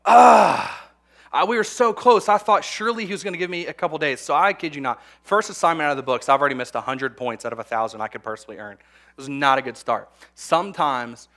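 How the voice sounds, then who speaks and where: A young man preaches to graduating students with a bright, forceful tone. His delivery is conversational, full of repeated words and light humorous asides. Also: medium pitch.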